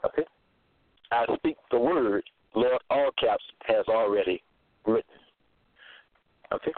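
A man preaching scripture in a slow, deliberate way, repeating phrases and checking in with "okay?". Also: medium pitch, no room sound. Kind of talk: scripture teaching monologue. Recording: tinny phone-line sound, dry.

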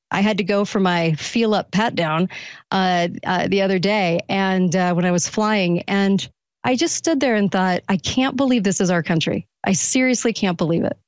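A woman's voice: medium pitch, no echo, lo-fi sound. A woman guest-hosting a political talk radio show, firing off one incredulous rhetorical question after another.

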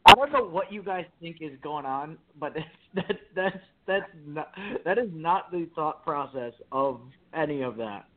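A man's voice: on the high side, lively intonation, measured pace, noisy background. A man who hosts a football show, joining a casual live talk show, amused and mock-protesting. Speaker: guest host of a football show. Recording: tinny phone-like audio.

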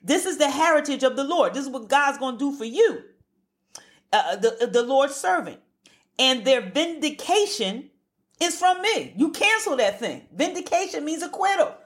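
High-voiced fervent woman preaching. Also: big pitch swings, normal speed. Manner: fervent, emphatic, repeats words for emphasis. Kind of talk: sermon.

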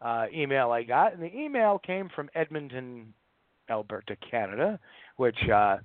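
A man's voice: mid-range voice, sing-song, moderate pace, no room sound. A middle-aged man hosting a radio show, chatting casually and telling joking stories. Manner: joking, storytelling. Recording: dry, phone-like line.

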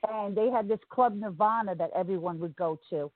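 A woman's voice: medium pitch, a little fast, no echo. A woman with a New York accent, a singer talking as an interview guest, chatty and rambling. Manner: chatty, rambling, laughs easily. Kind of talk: casual interview. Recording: tinny phone-like line, dry.

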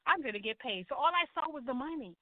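Middle-aged woman, animated storyteller, higher voice, tinny phone line. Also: quick pace, no echo. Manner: animated storytelling, acts out quotes, churchy exclamations. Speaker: guest. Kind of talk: personal testimony in a talk show.

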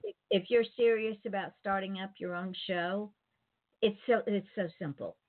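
A woman's voice: medium pitch, steady tone, moderate pace. A woman with a Southern US accent hosting a casual talk show, chatty and emphatic, repeating words for emphasis. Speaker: host. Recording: phone-line call-in show audio.

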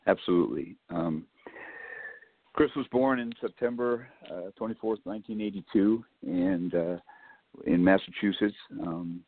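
A man being interviewed as a guest, answering in a measured, grateful way with some hesitations. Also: deep voice, no room sound. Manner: grateful, measured, slightly halting. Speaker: guest, bereaved father. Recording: phone-like line.

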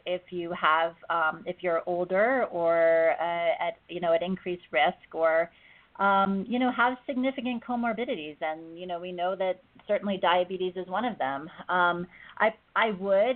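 Halting woman doctor on a phone line. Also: lowish voice. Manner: hesitant, many fillers and restarts. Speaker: gynecologist guest. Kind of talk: interview answers.

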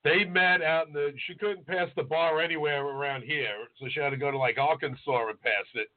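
A man's voice: on the high side, fairly even intonation, brisk. A man co-hosting a casual podcast, telling loose, crude stories and acting out the voices of people he met. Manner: loose storytelling, crude jokes, acts out voices. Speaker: podcast co-host, chef. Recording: tinny phone-like audio.

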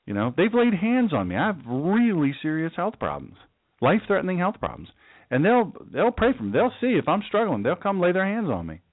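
A man's voice: high-pitched, wildly swooping pitch, fairly quick, dry recording. Guy preaching casual bible study, cracks jokes, bouncy voice, sounds like over a phone. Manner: folksy, joking asides, acts out quotes. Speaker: pastor. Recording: dry, tinny phone-like sound.

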